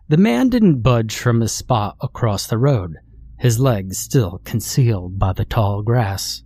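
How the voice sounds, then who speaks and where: A man reading a horror story aloud, in a measured and deliberate way. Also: lowish voice, animated, warm tone, breathy edge, no room sound, studio quality. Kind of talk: scripted horror narration.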